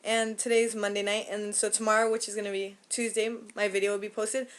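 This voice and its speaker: A woman's voice: mid-range voice, little pitch movement, a little fast. A teenage girl reviewing a movie in casual chat, gushing and rambling with lots of fillers.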